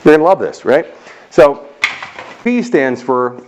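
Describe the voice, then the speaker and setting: A man's voice: fairly high pitch, big pitch swings, a little slow, very noisy. A man speaking as a motivational coach, talking straight to the viewer in an emphatic, direct way with punchy repetition. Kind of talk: motivational talk to camera.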